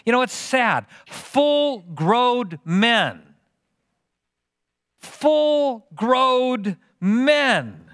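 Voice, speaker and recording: A middle-aged pastor delivers a sermon with a lively, swooping voice that sits a little high for a man. He keeps teasing his listeners with questions. The sound is close and dry. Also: dry recording. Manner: animated, teasing questions to the congregation.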